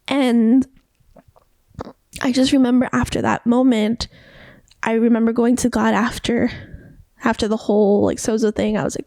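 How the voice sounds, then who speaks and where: A woman's voice: on the high side, steady tone, unhurried, long pauses, warm tone, no room sound, clean studio sound. A young woman hosting a podcast, telling a personal story with emotion, often repeating herself and quoting others. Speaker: podcast host.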